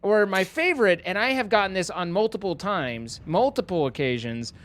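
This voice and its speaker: A man's voice: high voice, lively intonation, moderate pace, a bit bright. Rambling man chatting on a stream. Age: middle-aged. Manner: rambling, self-interrupting, lots of fillers. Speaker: streamer co-host. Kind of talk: casual stream chat.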